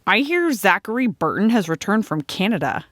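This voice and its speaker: Woman voicing brisk teasing Sarah Jane. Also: mid-range voice, big pitch swings, fairly bright tone, no room sound, clean studio sound.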